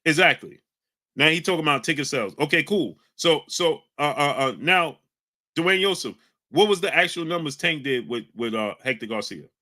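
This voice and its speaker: Slightly high-pitched and lively in intonation, this male streamer speaks at a moderate pace. He reads his chat aloud, yelling out usernames and getting into combative, heated arguments with his audience.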